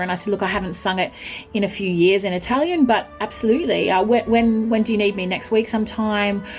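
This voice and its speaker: A woman, an opera singer, telling a backstage anecdote in an animated way and breaking into sung phrases. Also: mid-range voice, fast talker, soft background music. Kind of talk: storytelling anecdote.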